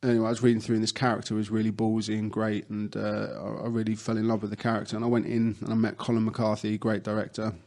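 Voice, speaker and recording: A man's voice: lowish voice, completely flat delivery, fast, few pauses, darkish tone. A young adult man, an actor guest, chatting casually in an interview and telling stories with lots of fillers and restarts.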